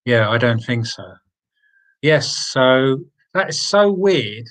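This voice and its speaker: A man hosting a live football fan stream, thinking aloud and reading out team news with excited suspense. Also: medium pitch, slow, low-quality recording. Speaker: football fan channel host.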